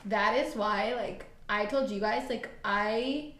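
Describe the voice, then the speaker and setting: A woman co-hosting a casual book podcast, effusive and quick to exclaim, swearing now and then. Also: medium pitch, a bit bright. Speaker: podcast co-host. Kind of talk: casual chat. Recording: echoey room.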